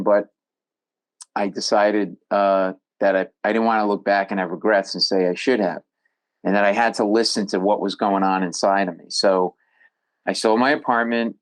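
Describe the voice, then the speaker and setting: A man, a comedian guest on a podcast, telling stories in an animated, jokey way. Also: lowish voice, low-quality recording. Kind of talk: storytelling in a podcast interview.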